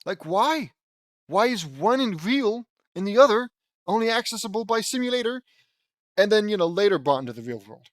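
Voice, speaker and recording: A man's voice: high voice, sing-song, moderate pace, no echo, clean studio sound. A man reading fan fiction aloud and breaking off for sarcastic, exasperated asides with swearing, sometimes trailing into mumbling. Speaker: fan fiction reader and commentator. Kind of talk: mocking read-along of fan fiction.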